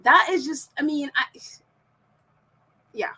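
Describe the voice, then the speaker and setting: A woman's voice: sits high, slow, pushed and bright. A woman hosting a casual podcast, reading viewer comments and ranting about them with frequent laughs. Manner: ranting, laughs often between phrases. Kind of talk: casual opinion chat.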